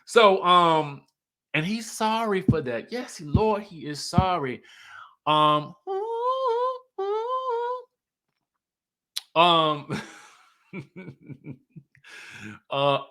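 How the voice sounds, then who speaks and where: Sassy bright-voiced man recapping gossip. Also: fairly high pitch, slow pace. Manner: sassy, playful, laughs often, quotes cast members. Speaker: show recap commentator. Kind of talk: casual reality-TV recap.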